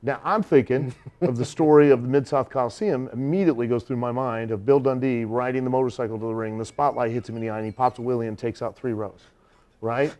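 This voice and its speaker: Man telling a lively studio anecdote. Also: mid-range voice, fast talker. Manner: animated storytelling with laughs, voicing the people he quotes. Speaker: guest storyteller.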